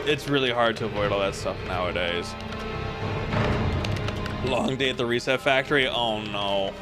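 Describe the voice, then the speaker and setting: A man's voice: medium pitch, normal speed, over loud music. A young man playing a video game and ranting profanely while telling a story. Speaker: gaming streamer. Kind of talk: casual let's-play chat.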